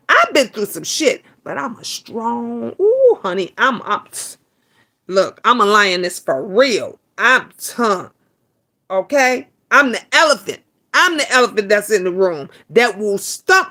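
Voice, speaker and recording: Middle-aged woman, livestream host, blunt and profane, a bit high-pitched, many restarts. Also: fairly bright tone. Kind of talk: casual livestream chat reading viewer comments.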